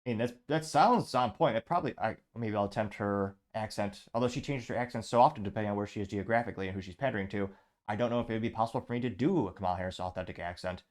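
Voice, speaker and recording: Sarcastic low-voiced male commentator. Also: rapid-fire. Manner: sarcastic, wry. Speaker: podcast host. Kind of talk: political commentary reading social media replies.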